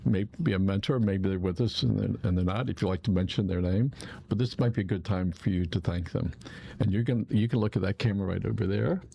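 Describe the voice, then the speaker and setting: A man hosting a community interview, briskly guiding his guests and pointing them to the camera. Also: deep voice, gravelly, warm tone, husky. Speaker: host.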